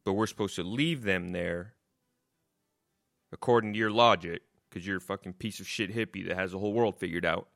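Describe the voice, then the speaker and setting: A man's voice: sits low, fairly quick, gravelly, a bit bright. A man delivering a profane, mocking comic rant, swearing constantly and hammering the same insults. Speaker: comedian.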